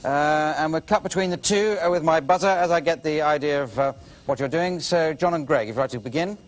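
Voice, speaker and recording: Hesitant British game show host. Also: male voice, on the high side, fairly quick. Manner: hesitant, full of uhs. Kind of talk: hosting an improv comedy show.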